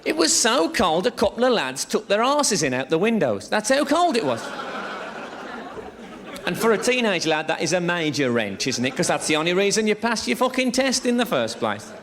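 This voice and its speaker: A man's voice: high voice, moderate pace. A man, doing a rambling, swearing stand-up set in a theatre. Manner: lively, rambling, swearing storyteller. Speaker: stand-up comedian. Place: theatre stage before a laughing audience. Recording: live theatre recording, crowd laughter.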